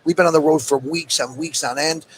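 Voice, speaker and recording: A man's voice: a little high, steady tone, fairly quick, poor audio. A middle-aged man talking earnestly and in a rambling way about his work in a casual interview. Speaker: cigar maker. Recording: faint background noise.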